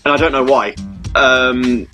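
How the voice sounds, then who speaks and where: A man's voice: medium pitch, measured pace, bright, forceful tone, faint music behind. A man hosting a casual chat show. He laughs often and turns mock-solemn when he reads aloud.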